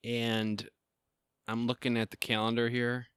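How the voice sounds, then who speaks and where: A middle-aged man chatting on his own podcast, rambling from thought to thought with plenty of ums and self-deprecating asides. His voice is bright and crisp. The sound is dry and close, with heavy breathing between phrases. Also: medium pitch, monotone, measured pace, dry recording. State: breathing heavily. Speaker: podcast host. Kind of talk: casual solo podcast chat.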